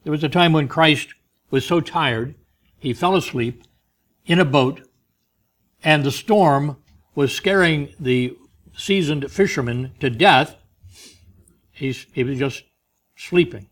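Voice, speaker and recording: A man preaching a sermon, emphatic, with soft asides. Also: fairly high pitch, slow, long pauses.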